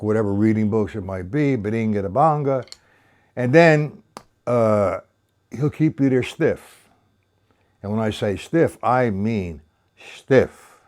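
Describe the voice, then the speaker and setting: Older male drum teacher, opinionated, rambling, counts time aloud. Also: fairly low pitch. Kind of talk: live-streamed drum lesson.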